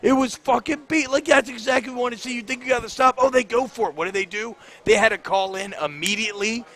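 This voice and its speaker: A man's voice: very high voice, fast talker, bright, forceful tone. A man co-hosting a postgame sports radio show, breaking down plays with exasperation and occasional cursing. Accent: Louisiana. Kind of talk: animated postgame talk radio analysis. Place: cigar bar.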